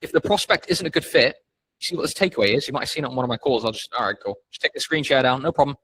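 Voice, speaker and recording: A man's voice: mid-range voice, lively intonation, rapid-fire, fairly bright tone, breathy edge, no echo, rough recording. A young man coaching on sales in a casual, blunt, profane way, with a lot of emphasis. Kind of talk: casual instructional talk.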